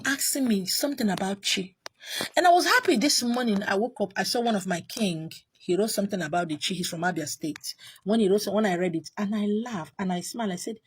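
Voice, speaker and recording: Here the Nigerian spiritual teacher's voice is fairly high with a breathy edge. She talks casually but with exasperation and emphasis, repeating herself as the monologue circles around.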